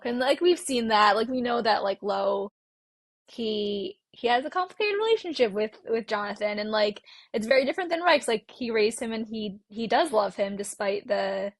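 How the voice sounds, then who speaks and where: Gravelly-voiced woman guest, rambling talk. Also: mid-range voice, no room sound. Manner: rambling, heavy use of "like", many restarts. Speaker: podcast guest. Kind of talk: casual book discussion.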